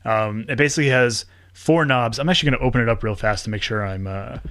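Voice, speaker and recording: A man of middle pitch talking casually as a podcast guest, chatty and quick to laugh as he explains things. His voice is close and dry, with no room around it. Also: fairly bright tone, no echo. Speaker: podcast producer and host, guest. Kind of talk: casual interview chat.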